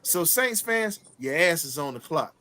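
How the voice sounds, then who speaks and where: A man hosting a sports talk show, hyped and trash-talking, dropping low and then shouting. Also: sing-song, a little slow. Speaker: host.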